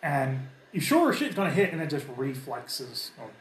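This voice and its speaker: A man's voice: medium pitch, expressive, moderate pace. A man narrating as game master in a casual, loose way. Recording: echoey room with faint noise.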